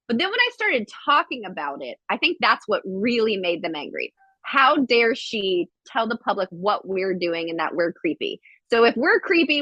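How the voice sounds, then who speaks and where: A woman guest on a podcast, telling a story in casual chat with lively quoted voices and blunt swearing. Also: mid-range voice, no echo, highs cut off. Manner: animated storytelling, acts out quotes; swears freely.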